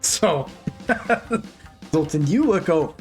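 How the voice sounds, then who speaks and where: Guy gm narrating a tabletop game, lots of "like" and "you know", really lively voice, faint music. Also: high-pitched, slow. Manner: rambling, full of "like" and "you know", animated. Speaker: game master.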